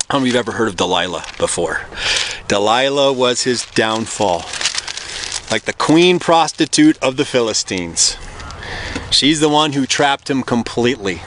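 A man preaching a conversational sermon, telling the story in an animated way. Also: medium pitch, moderate pace, background noise. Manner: animated, conversational, acts out the characters.

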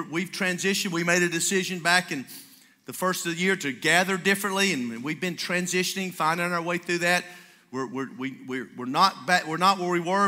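A man preaching a sermon, acting out the voices in his stories with lively energy. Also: sits high. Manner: animated storyteller acting out dialogue. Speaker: pastor. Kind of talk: sermon with storytelling. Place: church sanctuary with congregation. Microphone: stage microphone. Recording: reverberant church hall.

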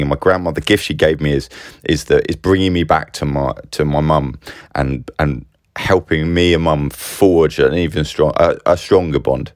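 Middle-aged man, very deep voice, rambling and animated, close dry mic. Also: brisk, dry recording. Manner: rambling, animated, frequent restarts. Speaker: business owner vlogger. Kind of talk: casual personal monologue.

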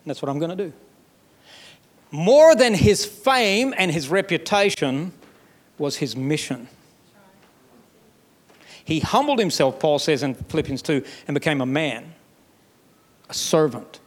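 A male pastor with a Southern US accent preaches in a fairly high voice. He talks in a folksy, emphatic way and pushes up into loud, rising stretches. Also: expressive, a little slow, long pauses. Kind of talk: sermon.

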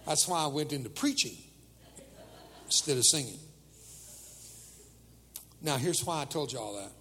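A man's voice: medium pitch, expressive, unhurried, bright, forceful tone, long reverb tail. An older man preaching a humorous sermon to teenagers, telling jokes and acting out the voices of people in his stories.

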